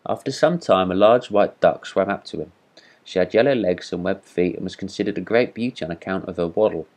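A man reads a classic fairy tale aloud at an even, measured pace. His voice sits very low. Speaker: storyteller. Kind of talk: reading a story aloud.

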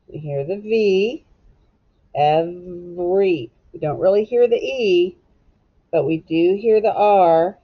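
A woman teacher giving a recorded phonics lesson to children, slowly sounding out letters and words in a clear, encouraging way. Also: fairly low pitch, muffled recording.

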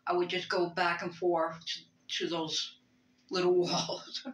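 A woman's voice: fairly low pitch, little pitch movement, measured pace. Hesitant New woman in a roomy bedroom. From Brooklyn, New York. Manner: hesitant, full of fillers and restarts; emotional, reflective. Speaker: vlogger. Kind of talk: rambling personal vlog.

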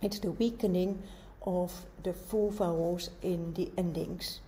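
Woman, lecturer, measured explanatory tone, warm mellow timbre. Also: fairly low pitch, steady tone, a little hiss or hum. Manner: measured, explanatory, with rhetorical questions. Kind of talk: university lecture.

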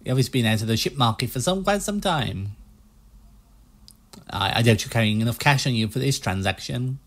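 A man voicing a pushy, fast-talking used-ship salesman with a put-on American salesman accent, reading game dialogue. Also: medium pitch, lively intonation. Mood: smooth salesy. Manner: slick, hard-selling patter.

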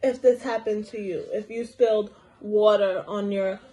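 A young woman teacher reading a storybook aloud to small children, slow and encouraging, asking them questions as she goes. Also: medium pitch, steady tone, dark tone, low-quality recording. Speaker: preschool teacher.

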